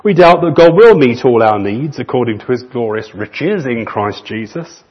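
A man preaching a sermon in an earnest manner, stretching key phrases slowly for emphasis. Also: medium pitch, lively intonation, husky. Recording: muffled lo-fi recording.

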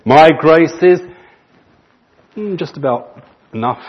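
A man preaching a sermon in an earnest manner, stretching key phrases slowly for emphasis. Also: fairly high pitch, slightly rough. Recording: muffled lo-fi recording.

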